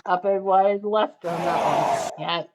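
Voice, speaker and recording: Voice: medium pitch, steady tone, takes it slowly. A commentator calling shots in a golf game casually, blurting out reactions and the odd swear. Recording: loud crowd and game noise behind the voice. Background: loud crowd and game sound effects.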